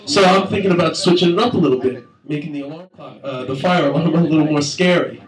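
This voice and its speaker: A man's voice: fairly high pitch, quick pace. A young man doing a crude, rambling stand-up comedy set on a club stage, laughing at his own jokes. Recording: echoey room from far, crowd noise.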